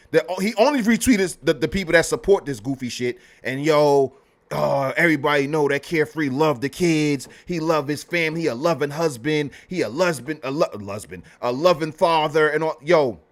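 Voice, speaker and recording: High-voiced man ranting on a stream. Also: moderate pace. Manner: profane, heated and animated, with loud bursts. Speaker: livestream host. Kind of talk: ranting livestream commentary.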